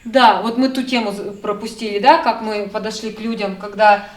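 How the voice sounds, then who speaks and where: A woman trainer explaining in short bursts and pausing so her words can be interpreted. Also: medium pitch, fairly even intonation. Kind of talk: seminar talk. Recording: echoey room, mic far off.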